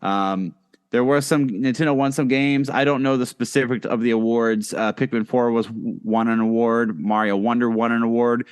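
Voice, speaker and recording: A man's voice: mid-range voice, fairly even intonation, normal speed, clean tone. A man co-hosting a casual podcast, talking loosely with many fillers and restarts. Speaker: podcast co-host.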